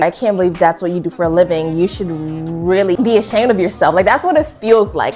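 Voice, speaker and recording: A young woman chatting casually about books she read, bubbly and quick to giggle. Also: medium pitch, a little mellow. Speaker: book reviewer. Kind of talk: casual chat. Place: home room with a bookshelf.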